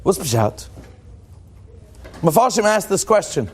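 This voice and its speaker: A man, a rabbi, teaching a Torah class in an animated, joking way and asking his listeners questions. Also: high-pitched, slow pace, husky.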